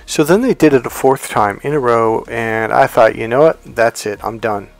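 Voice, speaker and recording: A man's voice: mid-range voice, normal speed, vocal fry. Man coaching casually over faint music. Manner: conversational, acts out quoted dialogue. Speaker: life coach. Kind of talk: casual teaching monologue.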